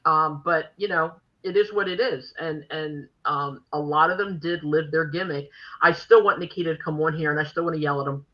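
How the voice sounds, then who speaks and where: An older woman hosting a podcast, telling stories in a brash, animated way and acting out the quotes in casual chat. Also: low-pitched, fairly quick, few pauses, lo-fi sound. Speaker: podcast host.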